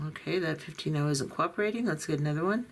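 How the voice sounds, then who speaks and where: A woman's voice: low voice, fast. A middle-aged or older woman giving patient, step-by-step beading instructions while she works with her hands. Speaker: beading tutorial host.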